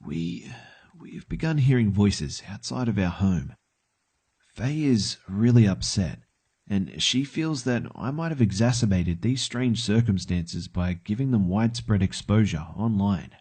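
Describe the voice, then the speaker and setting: Man, low voice, mellow dark tone, calm measured horror storytelling, first-person narration. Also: breathy edge.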